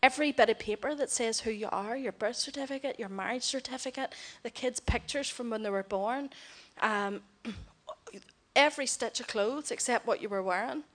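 A woman's voice: fairly high pitch, moderate pace. Woman telling a mission story. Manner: heartfelt storytelling, voices others in quotes. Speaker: missionary speaker. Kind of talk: mission report to a church congregation.

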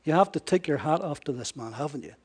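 A man preaching a sermon, swinging between raised emphasis and hushed near-whispers, often asking his listeners rhetorical questions. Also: a little high, expressive, fast, breathy edge. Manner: frequent rhetorical questions to the congregation.

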